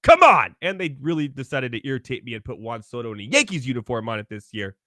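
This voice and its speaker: An upbeat man hosts a casual podcast with a bright, forceful voice that sounds close and dry. He laughs often and plugs the show between chat with his guests. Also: mid-range voice, lively intonation, fast talker, no room sound. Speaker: podcast host.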